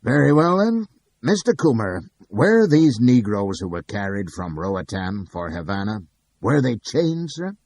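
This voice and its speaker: A man voicing a loud, hectoring male prosecutor in a courtroom scene of an audiobook, with a husky voice. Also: fairly low pitch, very animated, unhurried, no echo, voice pushed up. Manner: bawling, hectoring.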